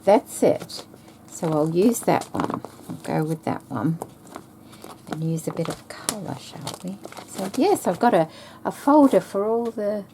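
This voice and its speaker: Woman, slow unhurried talk, thinking aloud while sewing, gravelly, faint room hum. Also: lowish voice. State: hiccups. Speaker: craft vlogger. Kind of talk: casual stitching chat.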